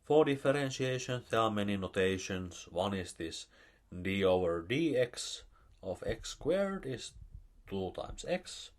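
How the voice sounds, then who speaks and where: Slow deep-voiced man lecturing math. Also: very animated. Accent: Finnish. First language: Finnish. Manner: slow, halting, with many fillers.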